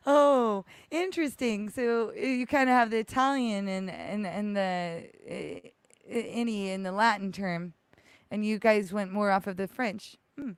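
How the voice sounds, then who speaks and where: A woman's voice: fairly high pitch, expressive, unhurried, no echo. Giggly rambling woman host, dry sound. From United States. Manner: rambling, many restarts and giggles. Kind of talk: casual live-show chat.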